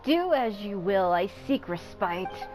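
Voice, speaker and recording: A woman's voice: mid-range voice, big pitch swings, takes it slowly, over music. An actress voicing a proud, disdainful ancient female genie who speaks in a haughty, archaic way. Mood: aloof.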